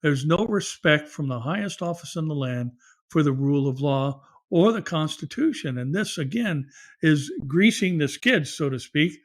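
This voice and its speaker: A man's voice: on the high side, animated, moderate pace. A middle-aged man, a pastor hosting a news commentary show, who reads articles aloud with fillers and asides.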